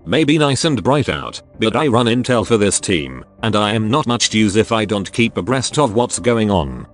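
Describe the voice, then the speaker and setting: A man's voice: on the low side, lively intonation, moderate pace, soft background music, natural voice. A synthetic male text-to-speech voice voicing a masked male intel hacker. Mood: casual.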